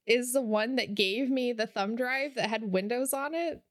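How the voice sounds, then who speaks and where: A woman's voice: a little high, moderate pace, no echo, studio quality. A young woman chatting casually on a podcast, saying "like" a lot and laughing often. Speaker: podcast co-host. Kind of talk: casual chat.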